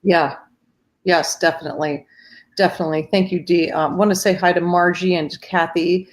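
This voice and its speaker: A woman's voice: lowish voice, flat delivery, normal speed. A woman hosting a faith-based support livestream over a video call, chatting casually and greeting viewers by name. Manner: warm greetings to viewers, many fillers. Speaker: host of grief support livestream.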